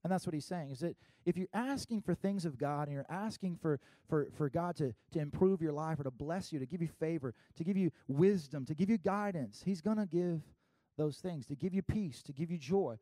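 A man from South Carolina preaching in an easygoing, conversational way, tossing in fillers and little laughs as he talks. His voice sits a bit high for a man yet sounds mellow and dark in tone. The sound is dry and close, with no room echo. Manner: conversational and animated, many fillers and quick laughs. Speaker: pastor. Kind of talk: sermon.

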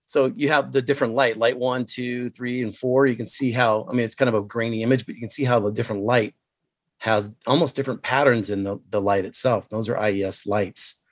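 A man with a rough voice today, talking casually and haltingly about computer graphics lighting, with many pauses and fillers. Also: medium pitch, steady tone, no echo. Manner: halting, many ums, shares screen. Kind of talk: casual technical chat.

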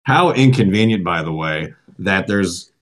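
A man co-hosting a podcast, telling a story in casual chat, swearing often and animated. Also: sits low, unhurried. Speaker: podcast co-host.

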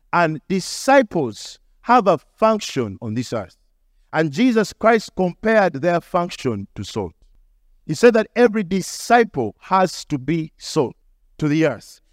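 A man's voice: on the high side, no echo, clean studio sound. A man preaching a sermon, telling stories and voicing the people in them as he teaches. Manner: storytelling preacher, acts out the people in his stories. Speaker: pastor.

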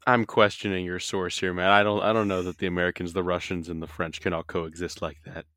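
A man's voice: deep voice, flat delivery, brisk, fairly bright tone, dry recording. A young man co-hosting a podcast, joking and teasing in an irreverent way. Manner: joking, irreverent, mock-patriotic. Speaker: podcast co-host. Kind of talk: casual podcast banter.

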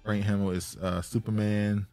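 A man hosting a casual podcast chat. He laughs often and his voice jumps up when he gets excited. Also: lowish voice, moderate pace, faint music behind. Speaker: podcast host.

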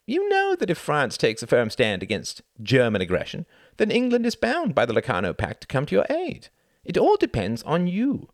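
A man's voice: a little high, wildly swooping pitch, normal speed, no room sound, clean studio sound, voice pushed up. A man voicing a smiling British minister who placates and reassures, in an audiobook reading. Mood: placating.

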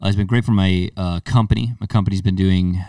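A low-pitched man hosts a casual podcast chat and tells his stories with animated energy, putting on other people's voices as he goes. His voice sounds dry and a little distant from the mic. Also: quick pace, no echo. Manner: animated storyteller, acts out quoted voices. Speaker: podcast host.

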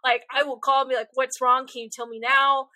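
A young woman co-hosting a podcast, chatting casually in an animated, rambling, self-deprecating way. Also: high voice, a little fast, no room sound. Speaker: podcast co-host. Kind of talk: casual chat.

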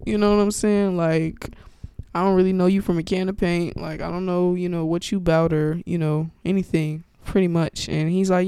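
A woman hosting her podcast from home tells her story bluntly and with lots of profanity, acting out what everyone said. Her voice has a gravelly, fry-edged texture that still comes through smooth and clear. The recording is close and dry, with no room sound. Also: lowish voice, moderate pace, dry recording. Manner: profane, blunt and animated, acts out quoted exchanges. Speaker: podcast host. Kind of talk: casual storytelling chat. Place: at home, with her dog nearby. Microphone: podcast mic, wearing headphones.

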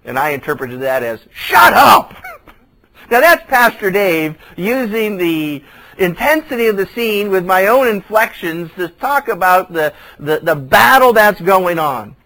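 High-voiced man preaching conversationally. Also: big pitch swings, unhurried, bright, forceful tone, poor audio. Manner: conversational, retells scripture in everyday speech. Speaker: pastor. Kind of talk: verse-by-verse Bible teaching sermon.

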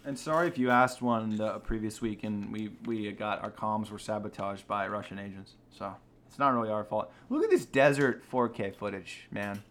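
A young man cohosting a podcast in casual, crude, deadpan banter. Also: on the low side, normal speed. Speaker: podcast co-host.

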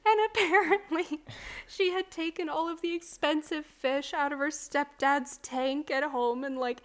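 Bubbly high-voiced woman chatting. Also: steady tone, measured pace. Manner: bubbly, giggling often. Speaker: book club podcast co-host. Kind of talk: casual chat.

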